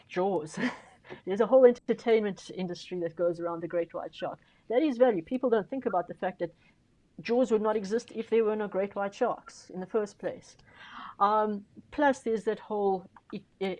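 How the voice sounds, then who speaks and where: A woman's voice: medium pitch, a little mellow, low-quality recording. A woman speaking on a conference panel, making her case emphatically and persuasively, stressing key words and often restarting her sentences. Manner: frequent fillers and restarts.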